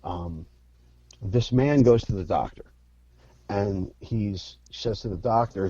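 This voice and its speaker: Candid male actor guest from Philadelphia; mellow, dry, lo-fi. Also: fairly low pitch, slow, pauses often, husky, no echo. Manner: frank, profane, storytelling. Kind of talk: candid interview talk.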